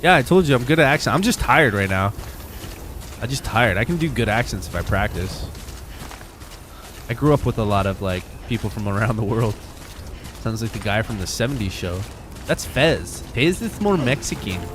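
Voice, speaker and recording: Excitable slangy young man streaming. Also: medium pitch, normal speed, slight background noise. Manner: loose, excitable, slangy, chatting to viewers. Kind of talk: casual live-stream chat.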